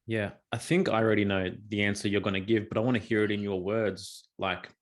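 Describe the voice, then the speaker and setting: Male podcast host, very deep voice, hesitant casual questions. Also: level tone, brisk. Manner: hesitant, repeats words while asking.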